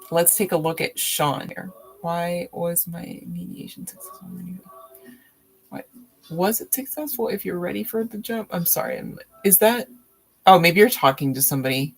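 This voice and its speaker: A woman's voice: sits low, creaky. A woman reading tarot on a live stream, chatting casually with viewers, laughing often and teasing them. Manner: slow, drawn-out speech with fillers.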